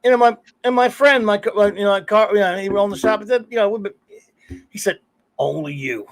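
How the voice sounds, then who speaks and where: A man's voice: high-pitched, fairly even intonation, fast talker. A middle-aged man hosting a casual live stream, telling rambling stories, cursing freely and laughing often. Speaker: podcast host.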